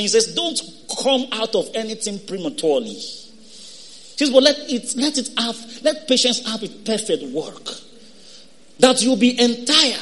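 A male pastor preaching a sermon, calling on the congregation for responses and breaking into shouted exhortations. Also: very high-pitched.

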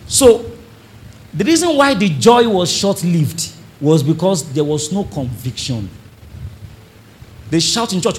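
A man's voice: a little high, a little slow, a little hiss or hum. A man preaching a sermon to a congregation, acting out churchgoers and calling on the audience to respond. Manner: animated preaching, acts out congregants, calls on the audience. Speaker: pastor. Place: church service before a congregation.

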